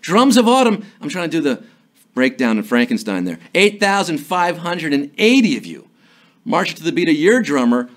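A man hosting a live trivia game show, with jokey, hyped-up patter. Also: high-pitched.

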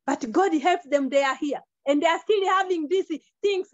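A woman's voice: very high-pitched, normal speed, dry recording. A woman giving an earnest sermon testimony, repeating herself often, over a video call. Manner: earnest, repetitive, non-native phrasing. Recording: dull lo-fi online call audio.

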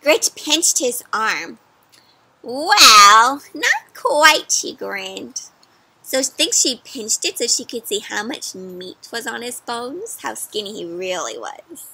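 Bright, high woman reading to kids. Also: measured pace, gravelly, husky. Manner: asks children questions, animated. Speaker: storyteller. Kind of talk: interactive read-aloud for kids.

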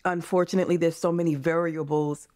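Her voice sits on the low side and moves little in pitch, coming out at a quick pace with a slightly mellow quality and no room sound. She's a woman in her forties from the United States, a podcast guest who speaks with earnest passion in a candid interview and often addresses listeners as "you guys."

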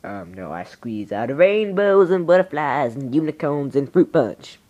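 A man's voice: animated, a little slow, a little mellow, muffled recording. A teenage boy whose voice is breaking, rambling goofily through casual gameplay commentary. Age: teens. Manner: goofy, rambling, jumps into squeaky silly voices. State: voice breaking with adolescence. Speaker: gaming video creator.

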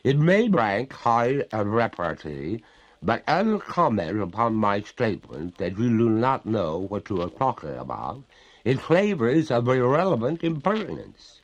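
A man voicing the ghost of a drowned young woman, speaking slowly in a gurgling, stately and reproachful way in a storybook reading. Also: mid-range voice, very animated, lo-fi sound. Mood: haughty, mournful.

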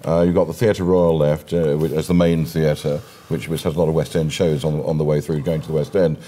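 Low, mellow-voiced male TV presenter. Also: flat delivery, a little fast. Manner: chatty, interjecting asides. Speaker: TV newspaper review presenter. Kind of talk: studio discussion.

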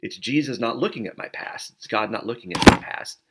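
A man's voice: lowish voice, a little fast, gravelly, heavy background noise. A middle-aged man, a pastor, giving an informal sermon as a story with many fillers and restarts. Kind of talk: conversational sermon.

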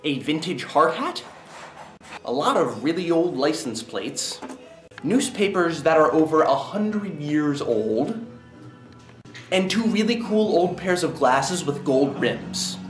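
A man's voice: fairly high pitch, big pitch swings, takes it slowly, soft background music. Wry young man, roomy echo. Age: young adult. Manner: wry, jokey asides. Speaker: college student vlogger. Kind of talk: casual vlog and voiceover.

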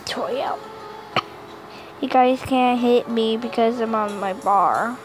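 A woman's voice: a little high, a little slow, low-quality recording. A woman giving playful commentary while gaming, giggling and making sound effects over game music. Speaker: gamer.

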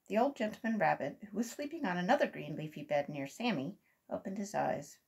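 A woman volunteer reader telling a children's story aloud in an expressive, gentle way. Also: medium pitch, moderate pace, husky.

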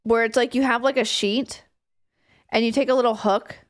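A woman in her thirties chats casually with her live-stream audience, giggling often and swearing freely. Her voice is a little high, with fairly even intonation and normal speed.

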